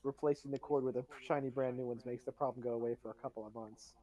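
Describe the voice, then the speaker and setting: A man's voice: medium pitch, steady tone, fast talker, warm tone. A man chatting as a player in a tabletop game, explaining things in a matter-of-fact way. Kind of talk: casual chat during a tabletop game.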